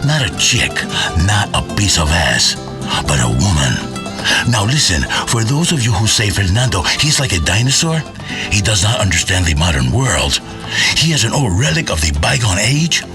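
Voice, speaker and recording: An actor playing a grandiose, boastful male talk radio host with a raspy voice, in a game radio comedy. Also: on the low side, very animated, moderate pace, over music. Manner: pompous, boastful, theatrical.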